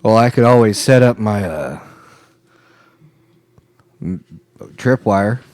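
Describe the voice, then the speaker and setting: A man's voice: on the low side, animated, slow, darkish tone, no echo. A man playing a tabletop game, casual and joking, swearing now and then.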